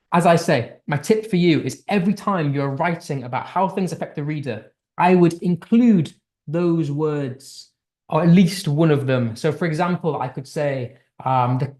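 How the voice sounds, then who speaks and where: A man's voice: fairly high pitch, a little mellow. Patient British male English tutor. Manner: patient, repeats points, checks understanding. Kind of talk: spoken lesson explanation.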